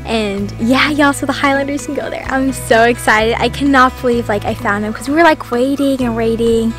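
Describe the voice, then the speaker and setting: A woman's voice: fairly high pitch, normal speed, soft background music. Bubbly Texan woman, farm vlog. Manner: bubbly, says y'all constantly. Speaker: homestead vlogger. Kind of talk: casual chat to camera. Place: outdoors on a farm.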